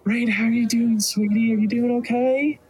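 A man's voice: steady tone, moderate pace, a little mellow, slightly rough, full character voice. A man putting on a shrieking elven mama. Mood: fussing tender. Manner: shrieking falsetto, gushing and smothering. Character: doting elven mother, excitable and fussy.

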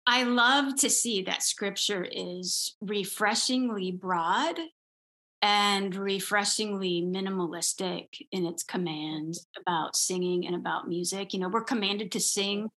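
A woman's voice: mid-range voice, unhurried, bright, forceful tone. A woman, a composer and musician, talking earnestly as an interview guest and explaining her views with examples. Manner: earnest, explains with examples, occasional light laughs. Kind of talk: conversational interview.

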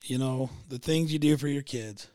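A man's voice: medium pitch, moderate pace, warm tone, no room sound. A man co-hosting a podcast in casual chat, laid-back, mostly giving short agreements and wry remarks, on a close mic. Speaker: podcast co-host.

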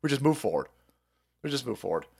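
His mid-range voice is creaky, a little mellow and husky, moving quickly with big swings in pitch. He is a podcast host in his thirties ranting on a stream about politics, swearing, mocking and putting on silly voices.

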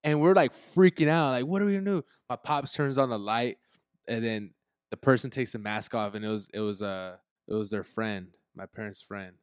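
A man's voice: fairly low pitch, moderate pace, smooth, dry recording, studio quality. A young man hosting a podcast, telling a childhood story in casual chat, with a lot of slang and swearing. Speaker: podcast host.

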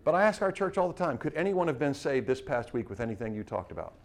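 A man preaching to a missionary class, urging his listeners with rapid rhetorical questions and frequent restarts. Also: medium pitch. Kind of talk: sermon-style teaching.

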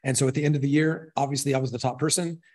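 A man in his thirties tells a personal story as a podcast guest, with a husky, slightly breathy voice at an ordinary male pitch. He rambles and swears freely, and his excitement builds in quick runs of asides. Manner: rambling, profane, excitable retelling. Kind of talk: casual storytelling.

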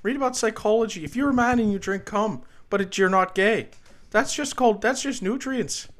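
Guy doing a high-voiced lecturing professor type, rants and scolds nonstop, crude podcast bit. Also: a little fast, fairly bright tone. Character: impression of a ranting male pundit professor. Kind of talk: comedy podcast impression.

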